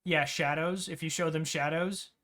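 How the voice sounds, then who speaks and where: Bright-voiced ranting male stream host. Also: fairly high pitch, steady tone, moderate pace. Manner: ranting, profane, rambling. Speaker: game master and stream host. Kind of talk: loud casual stream chat.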